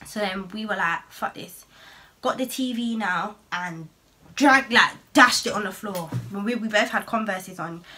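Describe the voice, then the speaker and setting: A young woman tells a heated story to camera. Her voice is bright and sharp, and her slang-heavy talk is full of curses. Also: mid-range voice, normal speed. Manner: animated, swearing, heavy slang. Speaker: vlogger. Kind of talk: storytime vlog.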